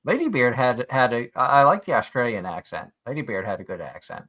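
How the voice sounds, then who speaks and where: Brief: bright-toned Boston man, casual chat co-host, talkative storyteller. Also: mid-range voice, animated, a little fast. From Massachusetts, near Boston. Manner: chatty, rambling anecdotes with restarts. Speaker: podcast co-host.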